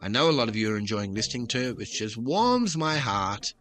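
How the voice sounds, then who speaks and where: A man's voice: fairly low pitch, very animated, fairly quick, a bit bright, soft background music. An Australian man hosting a trivia podcast, chatty and upbeat as he reads out quiz questions.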